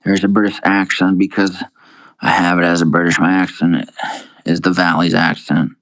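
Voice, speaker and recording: A man's voice: sits low, little pitch movement, moderate pace, fairly bright tone, dry recording, rough recording. A young man on a casual livestream, reading viewer comments aloud and answering them with crude, profane, laid-back banter, calling everyone dude. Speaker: live streamer.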